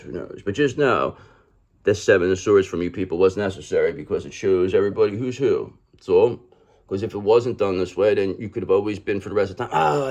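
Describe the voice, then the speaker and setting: A man's voice: low-pitched, darkish tone. A man giving a casual tarot reading to camera, calling the listener "brother" and repeating his points. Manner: acts out other people in mocking quoted voices. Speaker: tarot reader.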